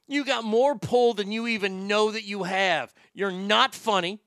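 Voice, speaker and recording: Profane ranting man, bright voice. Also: high voice, moderate pace, few pauses, no echo, studio quality. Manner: profane, combative, sarcastic. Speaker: host. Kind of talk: ranting celebrity commentary.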